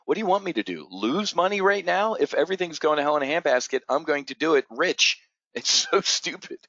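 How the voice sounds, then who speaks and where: A man's voice: fairly high pitch, lively intonation, brisk, sharp tone, no echo. A man hosting an options trading show, giving an unscripted, blunt and profane market rant full of stammered restarts. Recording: dull, dry lo-fi audio.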